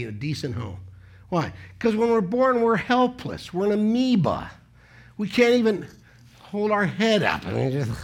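A man preaching a sermon in a conversational way, asking the congregation questions and punching key words with sudden loud emphasis. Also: on the high side. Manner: asks the congregation rhetorical questions.

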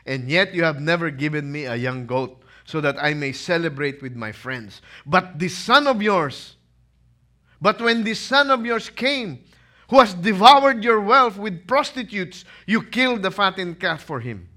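A man voicing a resentful elder son who complains loudly and indignantly. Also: high voice, animated, measured pace, voice pushed up, exaggerated voice.

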